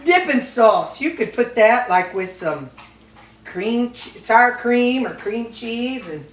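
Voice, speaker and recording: A woman's voice: fairly high pitch, animated, takes it slowly, very noisy. A woman vlogger cooking at home in a casual, folksy way, chatting to her viewers and dogs. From Missouri, USA. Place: home kitchen. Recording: echoey kitchen with sizzling skillet.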